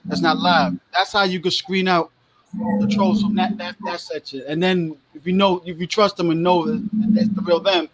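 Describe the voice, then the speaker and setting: A man's voice: high-pitched, fairly even intonation, normal speed, rough recording. A man on a livestream panel, talking in a laid-back, slangy way. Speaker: panel guest. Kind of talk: casual livestream panel talk.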